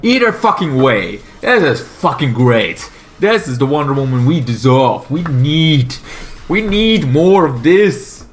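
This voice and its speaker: A man's voice: fairly high pitch, slight background noise. A man from Belgium with a Flemish Dutch accent and Flemish Dutch as his first language. He gives casual, rambling commentary on comics, swearing freely and stumbling over fillers. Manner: profane, excitable, halting with many fillers.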